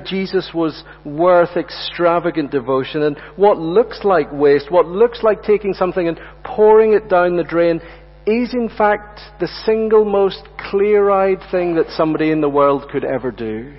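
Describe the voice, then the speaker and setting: Earnest preacher man in a reverberant hall. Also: high voice. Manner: earnest, repeats words when stressing a point. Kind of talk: sermon. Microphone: lectern mic. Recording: dull audio with long hall reverb.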